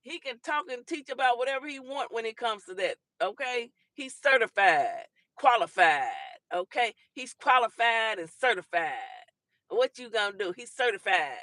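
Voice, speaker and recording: A woman hosting a casual livestream talk show, chatting and teasing commenters with a laughing, animated manner. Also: a little high, normal speed, no room sound, clean studio sound.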